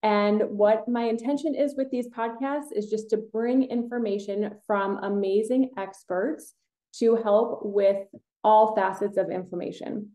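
A middle-aged woman hosts a casual podcast in a chatty, eager way, with soft fillers and rambling asides. Her voice is mellow and warm at a middle pitch. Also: steady tone, measured pace. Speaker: podcast host, kinesiologist.

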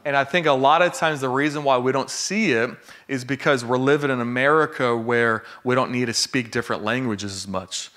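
A man's voice: mid-range voice, a little fast, hardly any pauses. A man preaching a sermon in a casual, conversational way, telling a story and often asking "okay?" and "you know?" along the way. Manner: casual and conversational, with many fillers and tag questions; gets excited and laughs while joking.

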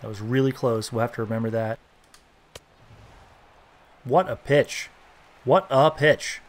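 A young man giving casual, joking commentary while playing a baseball video game, reacting loudly to big plays. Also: mid-range voice, unhurried. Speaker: gaming YouTuber.

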